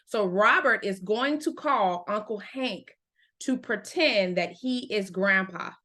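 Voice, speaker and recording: A woman teaching an adult English book club, reading a novel aloud and then explaining it slowly and clearly. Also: medium pitch, pushed and bright. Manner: slow, clear teacher explanations with check-ins.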